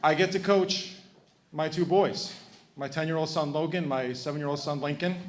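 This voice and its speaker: A man's voice: a little high, moderate pace. Brief: thirties man at an awards podium, emotional but joking, faint background noise. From Connecticut. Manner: emotional, heartfelt, joking with audience. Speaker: hall of fame inductee. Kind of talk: acceptance speech.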